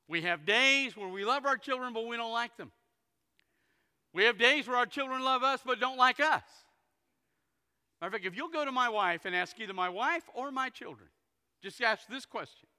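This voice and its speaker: A pastor preaching a sermon, telling stories folksily and acting out the characters. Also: male voice, very high-pitched, expressive, moderate pace, pauses often, sharp tone, clean tone. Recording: long hall reverb.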